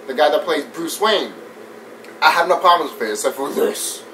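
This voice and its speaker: A man giving a casual, animated movie review rant. He swears often, laughs a lot and mimics scenes as he talks. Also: a little high, normal speed. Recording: distant mic with faint background noise.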